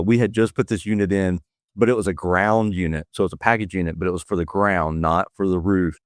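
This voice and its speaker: A man's voice: low voice, no room sound, studio quality. A middle-aged man hosting a podcast, telling rambling stories in casual chat and laughing easily. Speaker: podcast host.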